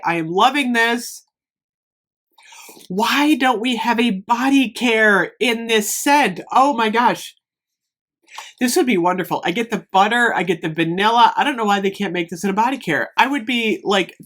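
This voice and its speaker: Woman host of a casual haul vlog; chatty, rambling, quick to gush, pitch jumping all over. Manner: gushing, rambling, easily excited. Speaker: beauty and lifestyle vlogger.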